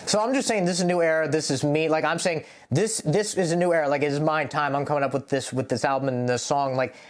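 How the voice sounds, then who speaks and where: Profane rapper with a raised voice. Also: male voice, a little high, quick pace. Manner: rambling, profane, heavy use of "like". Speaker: rapper explaining his lyrics. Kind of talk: casual lyric breakdown to camera.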